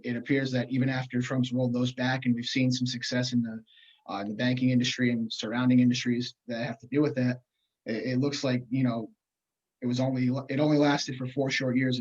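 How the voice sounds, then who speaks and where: A podcast co-host talks earnestly through economic questions in a casual chat, often stalling on fillers and restarts. His pitch is ordinary and middling, and the recording sounds somewhat dull and lo-fi.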